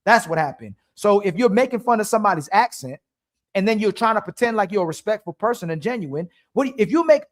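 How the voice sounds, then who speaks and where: A man co-hosting a live stream, talking in a heated, rapid way and often repeating himself. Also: high voice, expressive. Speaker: stream co-host.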